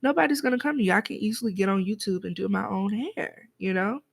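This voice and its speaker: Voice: mid-range voice, quick pace, creaky. A podcast co-host chatting casually, giving firm opinions and laughing often. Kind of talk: casual chat.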